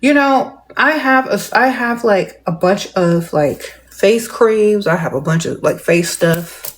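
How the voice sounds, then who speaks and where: Middle-aged woman, livestream host, casual chat, tight-lipped restrained delivery, playful drawl, medium pitch. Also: expressive. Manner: talks with little mouth movement, restrained and measured; drawling and playful, calls viewers darling and y'all.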